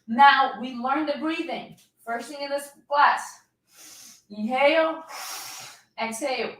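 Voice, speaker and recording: A woman's voice: high voice, takes it slowly. Echoey, upbeat woman fitness coach. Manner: energetic, coaxing, demonstrates while talking. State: shaking from holding a plank. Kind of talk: live workout class instruction. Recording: very echoey room, voice distant from mic.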